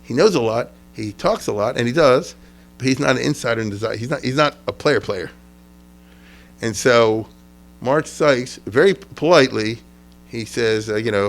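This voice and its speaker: A man's voice: medium pitch, normal speed. A middle-aged man, a rabbi, giving an informal history lecture in a chatty, digressive way, acting out quotes from the people he describes.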